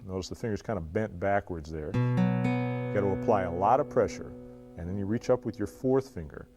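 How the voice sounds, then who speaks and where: A man with a fairly low voice gives a relaxed guitar lesson, explaining chords and counting the beat as he plays. Loud guitar strumming sits right under his speech. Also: fairly quick. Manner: relaxed, talks while playing and counting along. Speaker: guitar teacher. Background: acoustic guitar playing.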